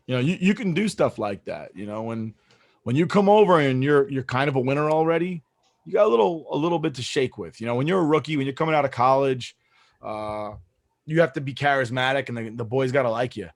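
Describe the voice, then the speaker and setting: A man's voice: medium pitch, a little fast, no echo. A man co-hosting a casual sports podcast, rambling and profane with a joking streak. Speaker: podcast co-host.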